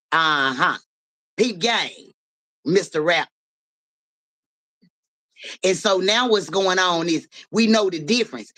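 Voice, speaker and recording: A man's voice: sits high, low-quality recording. Blunt, profane man chatting on a livestream. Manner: blunt, profane, animated, talks back to chat. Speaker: livestream host. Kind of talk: casual livestream chat with viewers.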